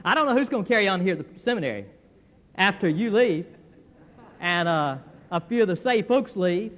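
An older male pastor preaching a folksy, animated sermon, acting out what church members tell him. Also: sits high, fairly quick. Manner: folksy, animated preaching with quoted voices and laughs. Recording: long hall reverb.

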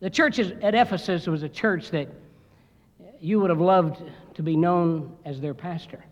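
High-voiced folksy preacher in a reverberant chapel. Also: male voice, normal speed, lo-fi sound. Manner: folksy, joking storyteller. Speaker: guest preacher. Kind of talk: sermon. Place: seminary chapel. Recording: long hall reverb.

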